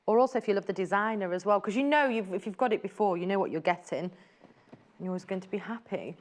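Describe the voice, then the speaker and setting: A woman hosting a live TV shopping segment, chattering warmly about each piece and breaking into delighted exclamations. Her voice sits at a middling pitch and she keeps the patter flowing in an easy, informal way. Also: quick pace. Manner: chatty and gushing, exclaims over fabrics. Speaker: shopping channel presenter. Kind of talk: live TV selling chat.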